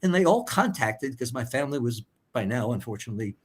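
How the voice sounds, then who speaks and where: Husky older man telling his story. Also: medium pitch, big pitch swings, fast. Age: 70s. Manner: blunt, swears for emphasis. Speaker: interview guest. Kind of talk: casual storytelling interview.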